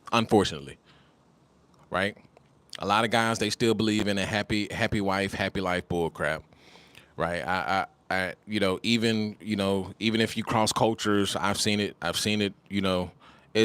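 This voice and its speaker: A man telling a personal story in a casual monologue, animated and repetitive, often calling the listener "bro". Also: fairly low pitch, normal speed, clean tone, no room sound. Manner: animated, repeats phrases, addresses listeners as bro.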